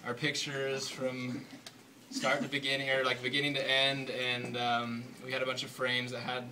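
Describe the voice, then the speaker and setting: A young man recounts a story in a relaxed, chatty way, breaking into nervous laughs. His voice is mid-pitched and reaches the mic from a distance. A room hum stays steady behind him. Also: normal speed. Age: young adult. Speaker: newly engaged college student. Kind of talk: casual storytelling to an audience.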